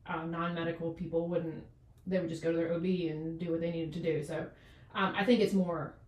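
Woman, 40s, doctor, casual chat, rambling with fillers, lowish voice, echoey room. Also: little pitch movement, fairly quick, a little mellow, recorded from a distance. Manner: rambling, many fillers and restarts. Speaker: doctor, podcast guest.

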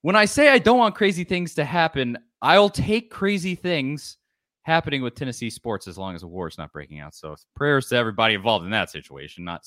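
A man's voice: fairly low pitch, a bit bright, dry recording. A man hosting a casual sports podcast, rambling and self-deprecating as he stumbles through the intro. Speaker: podcast host.

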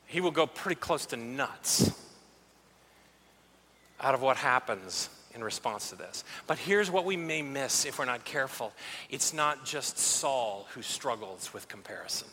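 A male pastor preaching a sermon, telling the story in an animated way and acting out scenes. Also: medium pitch, unhurried, a little hiss or hum. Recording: echoey hall.

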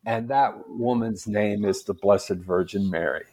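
A man voicing a confident older male bishop in a joke, telling it in a relaxed, chuckling way. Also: on the low side, measured pace, a crowd in the background, voice pushed down, close to an everyday voice. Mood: amused.

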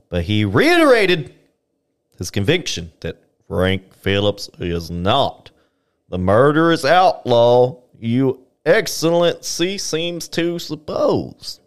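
Lively-voiced man reading history aloud. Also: medium pitch. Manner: reads archival text aloud with stumbles and laughs. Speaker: podcast co-host reading history. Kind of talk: casual history podcast reading.

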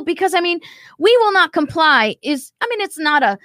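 A woman's voice: extremely high pitch, sing-song, normal speed, fairly bright tone, no room sound. A woman hosting a commentary show, talking emphatically and acting out quotes as she reacts to a video. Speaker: show host.

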